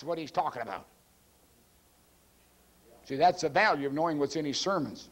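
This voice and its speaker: A male pastor preaching a teaching sermon from a church pulpit, forceful and emphatic, swinging his pitch widely and often clearing his throat. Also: moderate pace, pauses often.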